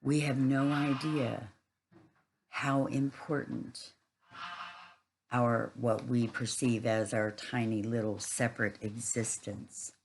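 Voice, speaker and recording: A woman's voice: rumbling low, fairly even intonation, takes it slowly, a little hiss or hum, low-quality recording. A woman giving a rambling, casual spiritual monologue, earthy and swearing freely.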